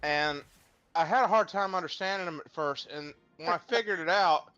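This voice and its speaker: A man's voice: sits high, a little fast, no echo, highs cut off, soft background music. A man streaming a game, telling stories in casual, profane chat with friends. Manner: profane, animated storyteller.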